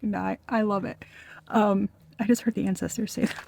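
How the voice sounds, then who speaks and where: A woman's voice: mid-range voice, fairly even intonation, normal speed, vocal fry, darkish tone, a little hiss or hum. A woman giving a casual, channeled tarot reading, blunt and profane, often breaking off mid-sentence and laughing. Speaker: tarot reader.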